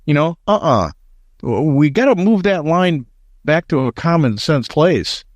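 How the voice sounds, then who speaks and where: A man's voice: a little high, very animated, a little slow, dry recording. An American man hosting political talk radio, emphatic and indignant, often repeating words as he builds a point. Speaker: radio talk show host.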